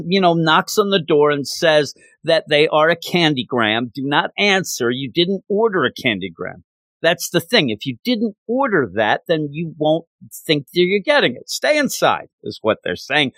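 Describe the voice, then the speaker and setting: A man's voice: fairly high pitch, very animated, normal speed, fairly bright tone, dry recording. A man casually reviewing a comic book, rambling through a chatty retelling of the story with lots of fillers.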